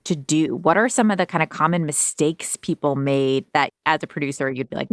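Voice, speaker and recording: A woman's voice: deep voice, a little fast, hardly any pauses, no room sound, studio quality. A woman hosting a radio interview, asking curious, conversational questions. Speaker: host.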